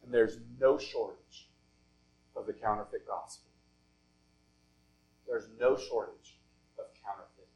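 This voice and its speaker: A male pastor preaching a sermon in deliberate phrases, often falling soft and low at the end of a thought. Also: dull audio.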